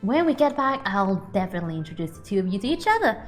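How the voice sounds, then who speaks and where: A laid-back young man who drops old-fashioned hip slang, his voice sitting a touch lower than usual, as a woman reads him out from a game. His talk is easygoing and breezy, in a middle-pitched voice with faint music underneath. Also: big pitch swings, fast talker, close to an everyday voice.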